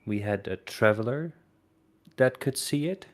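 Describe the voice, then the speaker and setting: A man's voice: mid-range voice, expressive, unhurried. A man playing a tabletop game, speaking in character in an inquisitive, direct way. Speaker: player.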